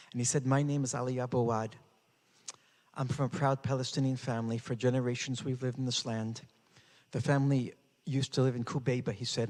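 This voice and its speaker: A medium-pitched, slightly mellow male voice belongs to an older man addressing an audience. The long reverb of a hall surrounds him as he relates a personal story with drama that steadily intensifies.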